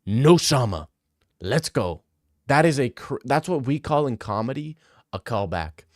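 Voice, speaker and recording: A man's voice: medium pitch, sing-song, unhurried, dry recording. A young man chatting casually on a stream, joking around in a loose, slangy ramble. His voice sits in a middle range, and the sound is dry and close to the mic. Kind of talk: casual chat.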